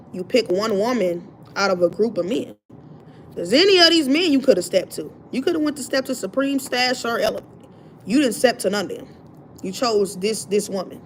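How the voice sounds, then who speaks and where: A woman with a slightly high voice rants on her own livestream, retelling what happened with animated indignation. Her talk is loose and conversational, with a faint hum of room noise underneath. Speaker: livestream host. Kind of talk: casual livestream rant.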